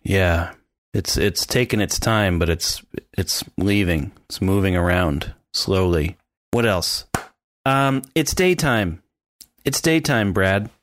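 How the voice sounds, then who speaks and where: A man co-hosting a podcast in casual chat, animated and mimicking sounds as he describes scenes. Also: sits low, slow, no echo, studio quality. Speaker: podcast co-host.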